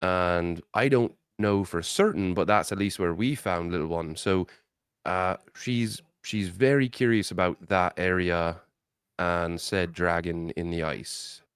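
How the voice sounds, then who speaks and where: Very deep, smooth-voiced laid-back man. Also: measured pace, no room sound. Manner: laid-back, rambling with fillers. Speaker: tabletop player. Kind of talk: casual in-character table talk.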